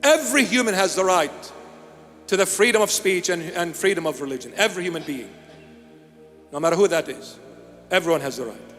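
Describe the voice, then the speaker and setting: A bishop from Iraq preaching a sermon, solemn and emphatic, delivering short measured lines and repeating key phrases. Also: male voice, sits high, animated, fairly bright tone. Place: large church. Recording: long church reverb with faint music.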